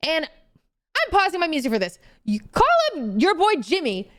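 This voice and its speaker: A young woman streaming and chatting casually, animated and swearing freely as she gets heated. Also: high-pitched, moderate pace. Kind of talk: casual chat.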